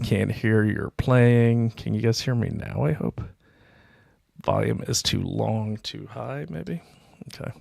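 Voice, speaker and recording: Low gravelly man chatting on a livestream. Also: a little mellow, no echo, studio quality. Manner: rambling, self-deprecating, chuckling. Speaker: livestream host. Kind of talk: casual livestream chat reading comments. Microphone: desk mic, self-produced stream.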